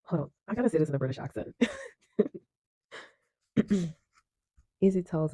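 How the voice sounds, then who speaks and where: A man's voice: fairly high pitch, expressive, moderate pace, long pauses, dark tone, no echo, rough recording. A man giving casual film reaction commentary, effusive and slangy, laughing often and restarting his sentences. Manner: enthusiastic, laughs often, many fillers and restarts.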